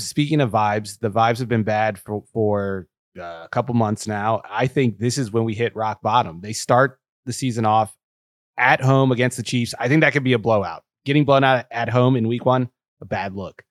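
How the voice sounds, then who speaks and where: A man co-hosting a football podcast, laying out measured, matter-of-fact predictions. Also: medium pitch, no echo, clean studio sound. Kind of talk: casual sports analysis.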